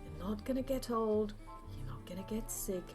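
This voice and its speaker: A woman voicing a soothing, persuasive woman who coaxes someone gently. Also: mid-range voice, normal speed, soft background music, lightly acted. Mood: coaxing. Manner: soft, coaxing.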